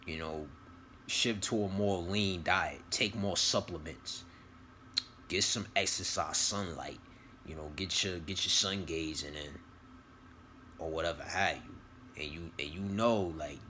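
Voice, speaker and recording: A man with a low voice talks in a loose, rambling motivational monologue, full of slang, swearing and repeated phrases. His tone is bright and forceful despite the deep pitch. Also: a little slow, a little hiss or hum. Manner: rambling, slang-heavy, profane, repeats himself. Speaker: vlogger giving spiritual advice.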